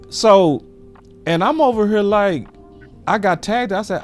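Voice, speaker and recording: Young man, sports podcast host, slangy, animated, higher voice, faint music behind. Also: a little slow, pauses often. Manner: animated, slangy, storytelling with quoted exchanges. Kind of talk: casual heated chat.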